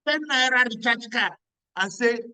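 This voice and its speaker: Nigerian guy mentoring, high bright voice, hammers the same lines over and over. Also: moderate pace, clean tone, dry recording, low-quality recording. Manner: emphatic, repeats lines, asks the audience questions. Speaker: business mentor. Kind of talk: motivational talk at a weekly meeting.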